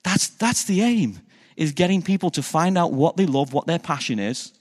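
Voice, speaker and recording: Pastor preaching in a reverberant hall. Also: male voice, a little high, expressive, moderate pace, slightly rough. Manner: conversational preaching with rhetorical questions to the congregation. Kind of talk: sermon. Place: church hall.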